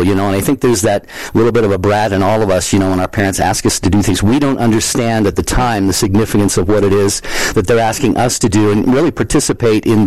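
A man co-hosting a radio talk show, answering a caller in a gentle, reflective, affirming way. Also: on the low side, low-quality recording. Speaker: co-host.

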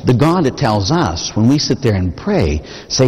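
A man's voice: mid-range voice, very animated, moderate pace, darkish tone, husky. A man preaching a sermon as a Catholic priest, talking conversationally and posing rhetorical questions to the congregation. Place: church. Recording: long reverb of a church.

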